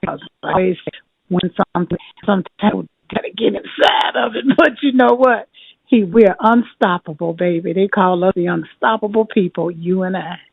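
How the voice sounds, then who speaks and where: An older woman telling her story as an interview guest, animated and laughing often as she acts out what people said. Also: lowish voice, moderate pace, creaky, husky, no echo. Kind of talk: lively storytelling. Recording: tinny phone line.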